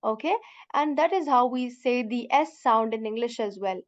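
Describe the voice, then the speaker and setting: Calling her students sister, a woman on the high side of pitch guides a beginner Quran Arabic class. She pronounces each sound slowly and repeats it patiently for them to echo back. The recording sounds dull.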